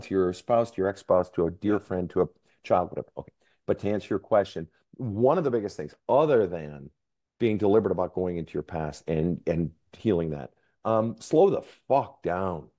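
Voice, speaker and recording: A man's voice: low-pitched, warm tone. A man, a counselor and author, speaking candidly as a podcast guest, emphatic and profane, his voice climbing when he gets worked up. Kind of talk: candid interview storytelling.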